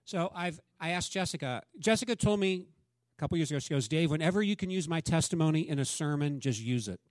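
Pastor guy, fairly high voice, chatty sermon, dry close sound. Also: expressive, fast, no room sound. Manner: conversational preaching, acts out quoted dialogue.

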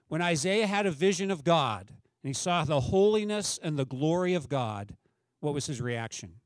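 A middle-aged male pastor delivers a sermon in an easy, conversational way, often pausing to put questions to his listeners. His voice sits a little high for a man. The sound is close and dry, with no room echo. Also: expressive. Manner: conversational preaching with rhetorical questions.

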